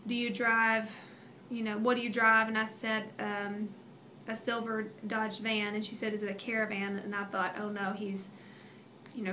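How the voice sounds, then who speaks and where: A mother in her thirties tells a family story casually, rambling and emotional, with lots of fillers and restarts. Her voice is a little high with a sharp tone, and faint hiss runs beneath the recording.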